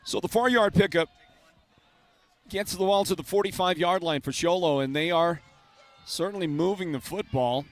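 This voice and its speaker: Man, play-by-play announcer, brisk energetic calling, fairly high voice. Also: faint music behind. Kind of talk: live football play-by-play commentary.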